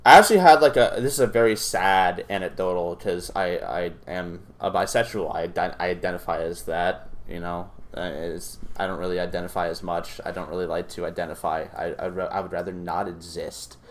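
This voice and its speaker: A man's voice: low-pitched, fairly even intonation, brisk, hardly any pauses. Profane, rambling young male reaction host. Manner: profane and rambling, full of fillers and restarts. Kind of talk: casual ranting commentary.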